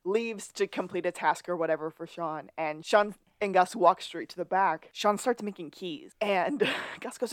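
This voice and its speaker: A woman's voice: on the low side, normal speed, few pauses, dry recording, studio quality. A woman co-hosting a TV recap podcast, retelling scenes in a chatty way and laughing often. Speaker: podcast co-host. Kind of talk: casual recap chat.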